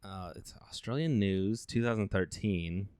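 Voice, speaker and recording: A man in his thirties co-hosting a comedy podcast, low-key and dry, teasing quietly and reading things aloud. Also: unhurried, smooth, no echo. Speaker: podcast co-host. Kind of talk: casual comedy chat.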